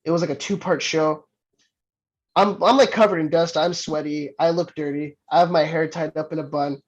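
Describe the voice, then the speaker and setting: A man from Southern California, a pro wrestler guest, telling a story in casual chat, animated, laughing often and restarting his sentences. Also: on the high side, moderate pace. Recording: muffled lo-fi sound.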